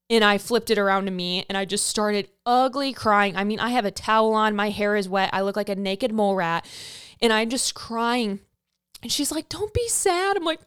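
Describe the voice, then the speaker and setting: A young adult woman hosting a podcast, telling a candid personal story in a frank, profane, animated way, acting out the quotes. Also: medium pitch, smooth, no room sound, clean studio sound. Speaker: podcast host.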